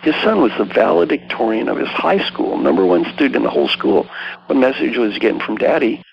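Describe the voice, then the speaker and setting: A man's voice: medium pitch, expressive, fast talker, creaky, muffled recording, a little hiss or hum. An older man, an executive coach as a guest, telling stories emphatically and acting out the people he quotes. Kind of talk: storytelling interview talk.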